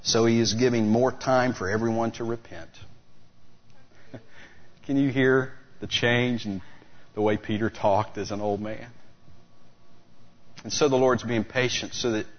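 A male preacher at mid pitch delivers a sermon in an animated storytelling way, acting out the people in his story. The recording sounds a little dull and lo-fi. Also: a little slow, pauses often. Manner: animated storytelling, acts out voices of the disciples. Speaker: pastor.

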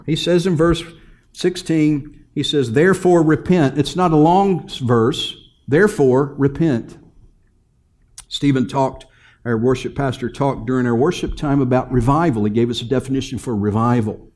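A middle-aged man, a pastor, preaching a sermon and telling a funny family story, rising to loud emphatic lines and dropping to quiet asides. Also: medium pitch, moderate pace. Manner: storytelling with humor.

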